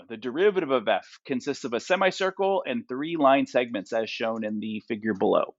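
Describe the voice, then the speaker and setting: This math lecture comes from a man who repeatedly quizzes his class and caps his points with "right?" and "okay?". His medium-pitched voice is slightly bright, but the recording is muffled.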